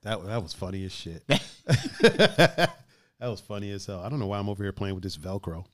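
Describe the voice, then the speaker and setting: A man from Ohio co-hosting a stream, chatting casually, laughing often and swearing as he tells animated stories. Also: on the low side, moderate pace, a little hiss or hum. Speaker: stream co-host. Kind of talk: casual chat.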